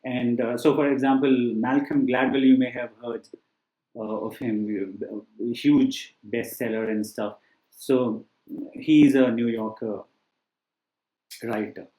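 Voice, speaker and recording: A man's voice: mid-range voice, fairly even intonation, slow, dark tone. A man giving casual book recommendations as a test-prep teacher, talking loosely with many fillers and restarts. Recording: echoey room.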